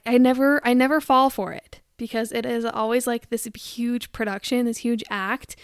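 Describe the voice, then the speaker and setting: Creaky-voiced woman ranting casually. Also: on the high side, no echo, clean studio sound. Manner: chatty, rambling, amused and exasperated. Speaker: host. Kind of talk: casual chat rant.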